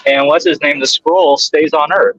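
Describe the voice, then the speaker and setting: A man's voice: on the high side, steady tone, moderate pace, a bit bright, no room sound. A brash, swearing man talking casually while driving. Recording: dry lo-fi audio.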